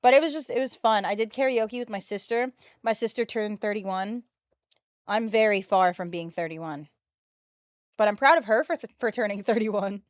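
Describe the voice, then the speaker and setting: A woman's voice: mid-range voice, normal speed, no room sound, clean studio sound. A woman of twenty-two, telling stories in casual, slangy chat to her stream viewers. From United States. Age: 22, early 20s. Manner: animated, chatty storyteller, slangy. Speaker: livestreamer.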